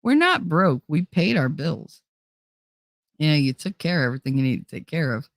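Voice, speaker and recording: A woman's voice: big pitch swings, normal speed, no room sound, clean studio sound. A woman hosting a casual livestream, chatting with her viewers, swearing freely, laughing a lot and swinging her voice up and down. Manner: swearing, laughing, swings high and low in pitch. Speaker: streamer host. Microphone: desk microphone.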